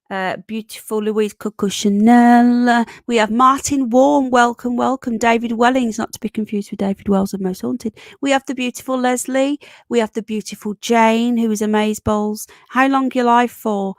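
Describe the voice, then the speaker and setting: A woman hosts a casual live stream, her voice a bit croaky as she chats and greets her viewers by name, calling them darling. The sound is close and dry, with no room echo. Her pitch sits in an ordinary middle range. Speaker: livestream host.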